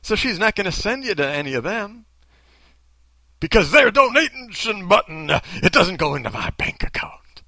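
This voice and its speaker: A man's voice: high voice, sing-song, normal speed, bright, forceful tone, no echo. A man giving blunt, sarcastic commentary on a video.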